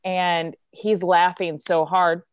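A woman's voice: fairly low pitch, little pitch movement, slow pace, smooth, no echo, lo-fi sound. A woman actress, a guest telling a casual, chatty story and acting out the quotes. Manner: chatty, lots of filler likes, acts out quotes.

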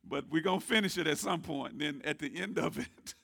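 A man preaching a sermon as pastor, calling on the congregation to answer back and swinging from quiet murmurs to loud rising shouts. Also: a little high, fairly quick, vocal fry. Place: church sanctuary.

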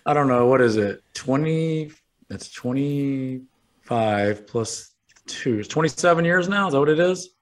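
A man's voice: mid-range voice, animated, a little slow. A man co-hosting a podcast, joking about sports with plenty of swearing. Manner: joking, profane, laughing. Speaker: podcast co-host. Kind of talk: casual sports chat.

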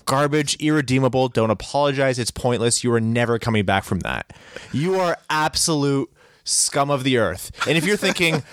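Animated ranting man, dry mic. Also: mid-range voice, moderate pace, no echo. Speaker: podcast co-host. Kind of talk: casual sports podcast chat.

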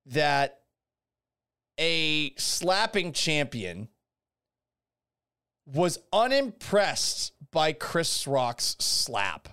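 A man's voice: medium pitch, a bit bright, clear, resonant tone. A man hosting a live-streamed podcast, talking in a rambling, sarcastic and profane way. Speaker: podcast host. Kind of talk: casual live-stream commentary.

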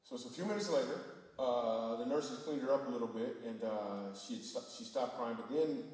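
A man's voice: mid-range voice, a little fast. Distant, echoey man telling a story. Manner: relaxed and conversational, with fillers. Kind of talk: casual storytelling.

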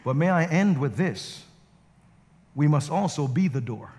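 A man's voice: a little high, a little slow. A male guest pastor preaching a sermon and telling stories with acted quotes, recorded in a church sanctuary. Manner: animated storytelling with acted quotes. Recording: reverberant hall.

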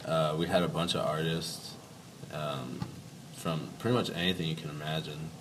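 Very deep-voiced young man. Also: moderate pace. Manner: laid-back, laughs often, trails off. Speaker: band member guest. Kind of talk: casual interview chat. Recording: distant mic with noise.

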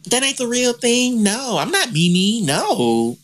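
A man's voice: very high-pitched, big pitch swings, measured pace, background noise. A man co-hosting a casual podcast chat, talking bluntly and profanely with lots of animation. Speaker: podcast co-host.

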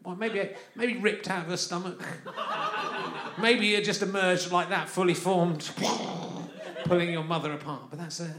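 Speaking unhurriedly with fairly even intonation, a high-voiced London man hosts a live comedy podcast at a festival venue. His monologue is rambling and chatty, often broken by his own laughter, and background noise fills the roomy space.

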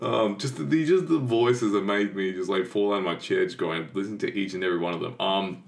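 A man's voice: low-pitched, a little fast, vocal fry. A man hosting a casual podcast, talking enthusiastically and rambling with many fillers. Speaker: podcast host.

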